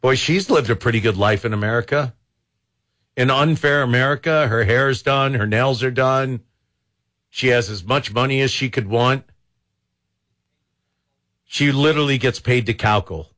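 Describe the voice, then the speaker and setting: Speaking into a studio microphone at an ordinary pace, a man hosts a casual talk radio chat, joking and sarcastic as he thinks aloud. His mid-range voice sounds fairly bright, and he leaves long pauses.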